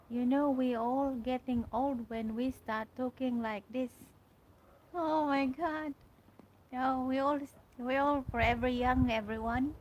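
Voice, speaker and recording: Woman host, slow halting outdoor livestream chat, somewhat high voice, faint outdoor ambience. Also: highs cut off, a little hiss or hum. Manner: chatty, halting, restarts often while reading comments aloud. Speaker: livestream host reading viewer comments. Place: garden outdoors.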